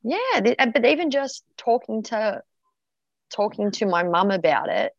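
A woman's voice: a little high, very animated, unhurried, vocal fry, no echo, dull audio. A woman guest telling a personal story frankly, swearing freely and full of fillers and restarts. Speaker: podcast guest.

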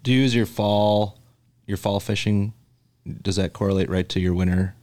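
A man with a very low voice co-hosts a podcast in relaxed, chatty talk. He restarts his sentences often. The sound is dry and close. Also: moderate pace, no echo. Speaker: podcast co-host. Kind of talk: casual chat.

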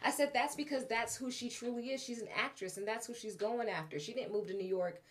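A woman's voice: on the high side, brisk. A woman co-hosting a podcast, chatting casually about a film and acting out its lines with slang and swearing. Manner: animated, acts out movie lines with profanity and slang. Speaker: podcast co-host. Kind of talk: casual movie review chat.

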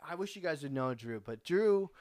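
Young male podcast host, slightly higher voice, loose and profane storyteller who laughs through his own tale. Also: expressive, moderate pace, darkish tone. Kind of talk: casual storytelling.

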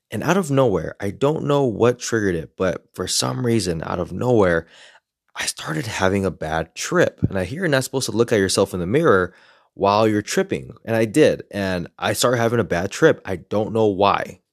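Speaking in a low voice, this man shares his own experiences in a frank, reflective monologue, cursing frequently and keeping it casual. He's a self-help creator, recorded at studio quality with no room sound.

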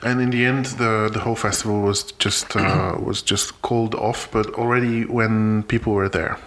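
Halting, word-searching male podcast co-host. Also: lowish voice, steady tone, fairly bright tone. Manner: halting, repeats words while searching for phrasing. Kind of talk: casual chat.

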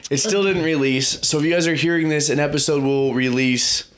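A man with a fairly high voice co-hosts a chatty home podcast with his mother. He talks in a playful, teasing, upbeat way into a proper microphone. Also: fairly even intonation, a little fast, fairly bright tone. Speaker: podcast co-host, son. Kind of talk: casual chat. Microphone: studio microphone.

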